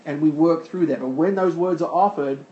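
A man's voice: a little high, fairly quick, reverberant, muffled recording. A man preaching a sermon verse by verse, who asks the congregation rhetorical questions and answers them himself. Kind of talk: sermon explaining a scripture passage.

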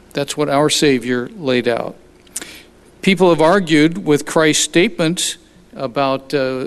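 A male preacher walks his congregation through scripture at a slow, deliberate pace. His voice sits slightly high, and he often stops to restart a sentence. A long reverb from the hall trails after each phrase. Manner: unhurried, explanatory, with frequent restarts. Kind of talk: sermon.

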